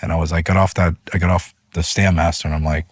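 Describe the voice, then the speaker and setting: Husky low-voiced man telling a story. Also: fast, no room sound. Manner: animated, voice rises when retelling arguments. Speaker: union leader guest. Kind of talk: interview storytelling.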